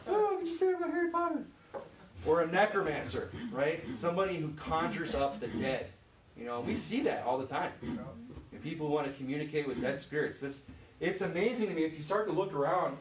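A man from Michigan preaching an informal sermon as pastor, chatty and full of "you know"s, pausing to ask the congregation questions. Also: a little high, slight background noise. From Michigan, USA. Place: church sanctuary. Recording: echoey church, voice from far off.

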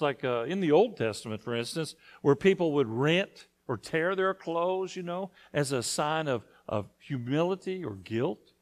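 A male pastor preaching a conversational sermon to his congregation, often asking them questions. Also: fairly high pitch. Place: church sanctuary.

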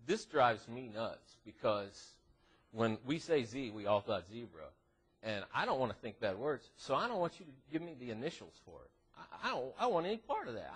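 A man giving a youth devotional at church in an animated, joking way, teasing the teenagers in front of him. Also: medium pitch, breathy edge. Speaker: youth minister. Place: church classroom.

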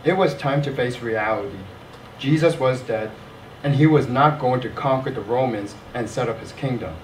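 A disheartened fisherman voiced by a man speaks in a plain, mid-pitched voice, rueful and scared. He is heard from across a roomy, echoing church with a little hiss behind. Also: normal speed, natural voice. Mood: downcast. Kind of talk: dramatic church cantata monologue. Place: church sanctuary. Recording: echoey church from far off.

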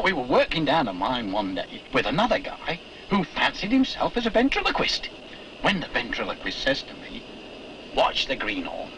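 A joking old miner spinning tall tales. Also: male voice, a little high, slight background noise, low-quality recording. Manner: animated storyteller, drawn-out punchlines; colloquial slang. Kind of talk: film dialogue.

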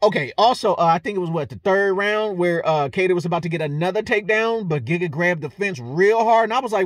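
A man giving a casual, animated fight breakdown, swearing freely and laughing often. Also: sits high, fairly quick, few pauses, dry recording, clean studio sound. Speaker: fight analyst vlogger.

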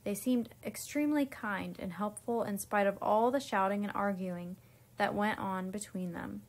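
A woman, a teacher, reading a children's storybook aloud in an unhurried way, with small slips and restarts. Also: medium pitch.

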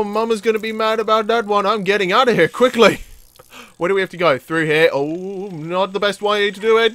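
A man doing let's play commentary, excitable, yelping and laughing at the action on screen. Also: sits high, brisk, no room sound. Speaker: gaming commentator.

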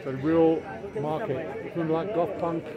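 A man's voice: fairly high pitch, steady tone, moderate pace, muffled recording. A man, vlogging casually as he walks through a busy outdoor street market, chatting to the camera and to stallholders in broken Spanish. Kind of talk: casual walking vlog. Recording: noisy outdoor market crowd. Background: crowd chatter and passing traffic.

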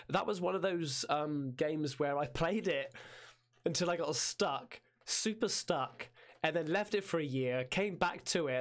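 A man with a somewhat high voice, croaky and hoarse from a chest infection. He hosts a game livestream in a casual, rambling way, with loud hyped greetings. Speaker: streamer.

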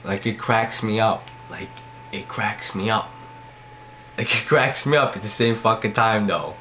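A man's voice: fairly low pitch, a little slow, fairly bright tone, slight background noise. A young adult man hosting a comedy vlog, ranting in a profane, rambling way and repeating his lines over and over. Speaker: vlog host. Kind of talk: comedy rant to camera.

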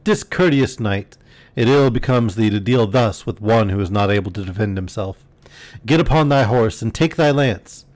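A man voicing an old would-be knight who speaks in a grandly formal, declaiming way, raised above his usual pitch. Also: expressive, brisk, a little mellow, close to an everyday voice. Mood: angry. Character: proud, indignant old would-be knight, male.

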